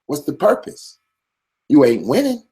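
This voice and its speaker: A man's voice: on the high side, huge pitch swings, unhurried, mellow. A man hosting his own channel, giving a blunt, profane, streetwise commentary monologue with a preachy swagger.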